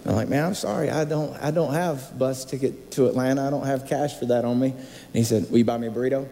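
A man's voice: mid-range voice, fairly even intonation, fast talker, dark tone. A male pastor telling a self-mocking story in a sermon, acting out the people he quotes. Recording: reverberant hall, faint ambience.

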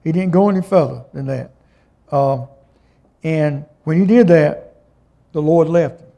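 A male preacher delivering a sermon, reading scripture aloud and then unpacking it in plain words. His voice sits a little high for a man, with a dark, mellow tone and a gravelly edge. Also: unhurried. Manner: plain-spoken, reads scripture aloud and explains it.

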